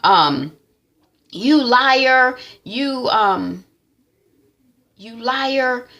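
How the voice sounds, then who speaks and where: A woman's voice: on the high side, lively intonation, extremely slow, pushed and bright, pitched above the performer's own voice, full character voice. A woman voicing a stern male interrogator who insistently accuses and presses for the truth during a TV recap. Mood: pressing.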